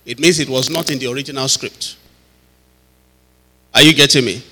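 A man's voice: mid-range voice, fairly even intonation, normal speed, pushed and bright, breathy edge, in a large hall. A man teaching a Bible study as a pastor, talking conversationally, laughing often and asking listeners if they follow.

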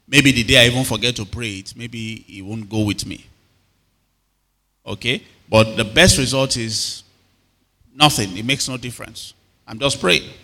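A man's voice: mid-range voice, bright, forceful tone. A man with a Nigerian accent preaching a sermon, often questioning and calling back to his congregation. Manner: call-and-response questions to the congregation. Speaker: pastor. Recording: long hall reverb.

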